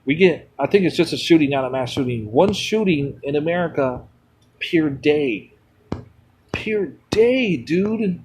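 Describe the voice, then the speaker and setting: Rambling, slightly high-voiced male streamer. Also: normal speed, hardly any pauses, a little mellow, slight background noise. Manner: rambling, blunt, swears freely, answers chat. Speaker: mobile game streamer. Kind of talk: rambling casual chat while gaming.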